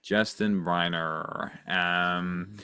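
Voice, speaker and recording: A man's voice: low voice, fairly even intonation, extremely slow, sharp tone, clear, resonant tone, no room sound. A man hosting a podcast, upbeat and leading the segments with a few fillers. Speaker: podcast host.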